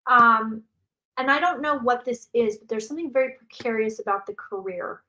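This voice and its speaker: A woman's voice: fairly high pitch, moderate pace, bright, forceful tone, rough recording. A woman hosting a casual psychic livestream from home, chatting loosely, repeating herself and answering viewer questions. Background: dog barking.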